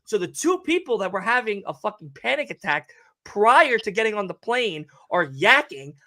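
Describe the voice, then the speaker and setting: A young man co-hosting a livestream, telling a story in animated casual chat and swearing often. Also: high-pitched, moderate pace. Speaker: livestream co-host.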